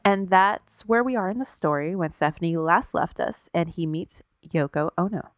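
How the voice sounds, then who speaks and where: A woman's voice: fairly low pitch, moderate pace, dry recording, studio quality. A woman co-hosting a podcast, telling a story in casual chat, loose and profane, with plenty of "like" fillers. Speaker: podcast co-host.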